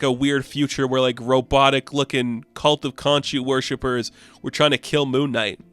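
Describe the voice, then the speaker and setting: A man's voice: medium pitch, fairly bright tone. A man chatting casually and enthusiastically as a comic book reviewer, rambling with many fillers.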